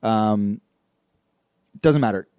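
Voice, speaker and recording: A man's voice: lowish voice, very slow, darkish tone, clear, resonant tone, no room sound, clean studio sound. A man co-hosting a podcast, talking casually and rambling about a film, swearing now and then. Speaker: podcast co-host. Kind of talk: casual movie discussion.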